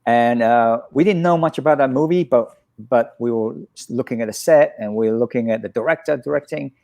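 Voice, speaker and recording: A man's voice: medium pitch, fairly quick, gravelly. A man, a stunt coordinator guest, telling stories in a casual interview and acting out what people said. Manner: animated, acts out quotes.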